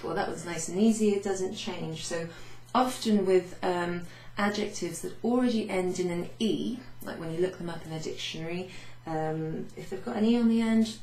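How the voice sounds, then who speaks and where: Woman as patient language teacher, lowish mellow voice, echoey room. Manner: patient, explains step by step with French examples. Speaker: French teacher. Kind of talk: recorded lesson recap.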